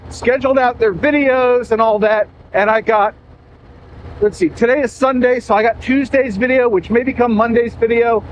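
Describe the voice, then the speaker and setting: A man's voice: very high voice, muffled recording, a little hiss or hum. A man talking casually through a helmet mic while riding a motorcycle on rural roads, rambling and poking fun at himself. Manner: rambling, self-mocking, chatty. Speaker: motovlogger.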